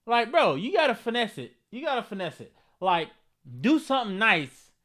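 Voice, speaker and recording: A man reacts to viewer comments in loose, slangy commentary, swinging from low, easy asides to bursts of mock outrage. His voice sits fairly high for a man and is bright and forceful. His delivery is lively and comedic. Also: normal speed. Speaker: vlog host reading comments.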